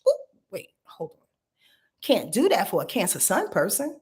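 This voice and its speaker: A woman reads astrology charts for viewers during a casual home livestream. Her talk is animated and slangy, and she speaks directly to the people watching. Her voice sits at a middle pitch for a woman. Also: normal speed, pauses often. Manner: animated, slangy, talks straight to viewers, laughs often. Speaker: astrologer doing live readings.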